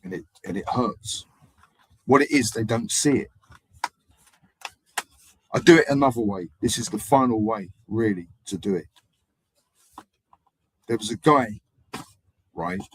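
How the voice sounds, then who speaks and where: A man hosting a live stream, telling rambling, animated anecdotes in casual street slang. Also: fairly low pitch, measured pace, long pauses, a little hiss or hum. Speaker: livestream host. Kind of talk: casual livestream storytelling.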